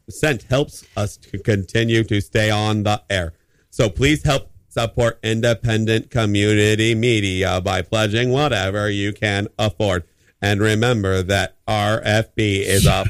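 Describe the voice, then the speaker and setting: A man's voice: fairly low pitch, fairly even intonation, unhurried, no room sound. A man hosting a comic community radio show, reading donation copy with stumbles and giggles into a studio mic. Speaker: radio host. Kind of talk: comic community radio chat with on-air reads. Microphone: studio microphone.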